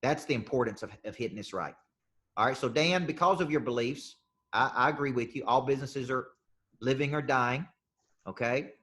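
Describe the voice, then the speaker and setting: A man's voice: medium pitch, moderate pace, a bit bright. A man, a business coach leading a live group coaching session, talking in a punchy, emphatic way and repeating his key phrases.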